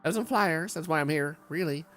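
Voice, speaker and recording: A man's voice: a little high, moderate pace, a bit bright, voice pushed up, lightly acted. A man voicing a flustered, anxious mother searching for her missing daughter, in a game. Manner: flustered, pleading, then indignant.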